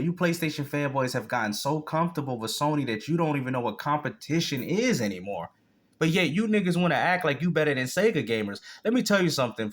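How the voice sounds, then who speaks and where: A man's voice: medium pitch, fairly bright tone. A man hosting a reaction video, mocking and cursing in blunt, casual commentary. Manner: blunt, mocking, profane trash talk.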